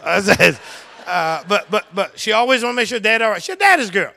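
An older preacher with an expressive, gravelly voice speaks at a moderate pace, sharing a family story and calling out to the congregation as he goes from soft murmuring to fervent shouting.

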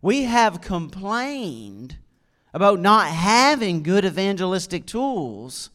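A man's voice: sits high, sing-song, takes it slowly, a bit bright. Canadian man with a slight Southern drawl. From Nova Scotia, Canada. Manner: chatty, humorous storytelling. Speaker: guest speaker at a church. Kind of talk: sermon with personal testimony.

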